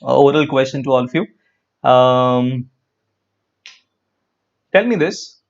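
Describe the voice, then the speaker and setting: A man's voice: mid-range voice, expressive, slow, creaky, pauses often, lo-fi sound. A man teaching an English grammar class live online, repeating key phrases and asking students questions. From India.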